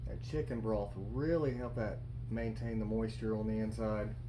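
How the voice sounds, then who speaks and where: Relaxed, chatty barbecue vlogger man. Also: fairly low pitch, normal speed, background noise. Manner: relaxed, chatty, thinking aloud with fillers. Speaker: barbecue channel host. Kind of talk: casual cooking vlog.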